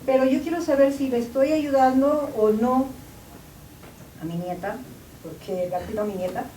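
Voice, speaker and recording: A woman's voice: high voice, fairly even intonation, brisk, mellow. An older grandmother asking the group for advice in a casual, earnest way. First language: Spanish. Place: school meeting room. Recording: distant roomy pickup with faint noise.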